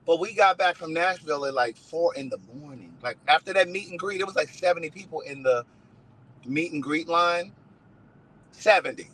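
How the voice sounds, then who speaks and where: A man hosting a casual live stream, telling stories in an animated way and swearing freely. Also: a little high, normal speed, husky, low-quality recording. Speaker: host.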